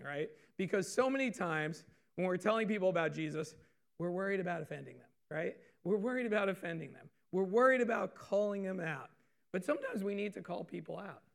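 Male pastor, high gravelly voice, casual repetitive preaching style with questions to the room. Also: lively intonation, brisk. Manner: conversational, repeats phrases, asks the audience questions. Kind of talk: sermon.

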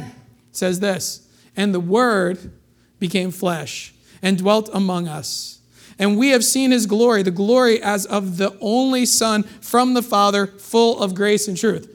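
A man preaching a sermon, asking the congregation rhetorical questions and dropping to a hush on key words. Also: sits high, gravelly. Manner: emphatic preaching, rhetorical questions, dramatic drops in volume. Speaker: pastor.

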